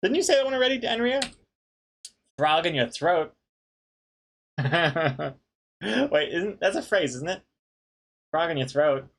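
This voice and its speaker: A man's voice: a little high, very animated, measured pace, creaky, long pauses, a bit bright. A man hosting a casual live stream, reading out viewer pun suggestions in a jokey way and laughing often. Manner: jokey, reads names aloud, laughs often.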